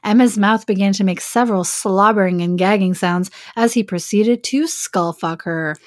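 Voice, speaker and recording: A woman's voice: medium pitch, normal speed, dry recording, clean studio sound. A woman co-hosting a podcast, reading an explicit story aloud and breaking off with laughing asides and rereads. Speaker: podcast co-host and story reader.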